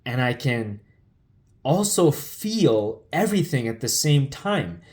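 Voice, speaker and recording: A man's voice: mid-range voice, sing-song, takes it slowly, darkish tone. A man telling his life story in an emotional, loose way, with many fillers and restarts. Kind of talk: personal storytelling talk.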